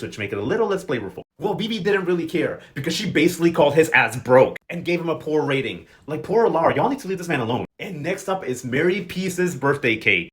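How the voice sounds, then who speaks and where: A man's voice: on the high side, a bit bright. A man recapping a soap opera in casual chat, sassy and gossipy, full of slang and acting out the characters' lines. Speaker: recap vlogger.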